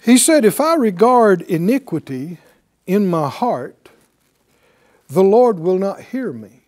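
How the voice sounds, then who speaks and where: A man's voice: sits high, sing-song, darkish tone. A man teaching a sermon, asking the audience questions and drawing replies from them. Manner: slow, questioning delivery with audience call-and-response. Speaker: Bible teacher.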